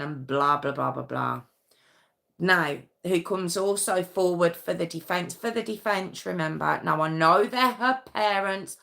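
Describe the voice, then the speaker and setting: A woman's voice: lowish voice, unhurried, creaky, fairly bright tone. A woman hosting a true crime stream, giving indignant, skeptical commentary and reading out court statements with her own asides. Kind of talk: casual opinionated commentary.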